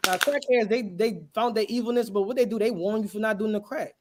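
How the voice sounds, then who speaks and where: A man's voice: high voice, brisk, a little hiss or hum. A man preaching a street sermon in an emphatic, questioning way, throwing rhetorical questions at his listeners.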